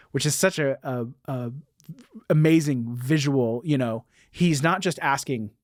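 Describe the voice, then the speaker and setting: A man's voice: mid-range voice, unhurried, dry recording, clean studio sound. A man hosting a casual podcast, enthusiastic and reading book passages aloud. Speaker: podcast host.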